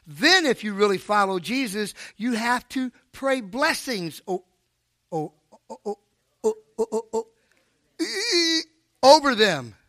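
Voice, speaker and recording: An older man preaching a sermon at a live church service, animated and preachy, with joking asides. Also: high-pitched, no room sound, studio quality. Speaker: pastor.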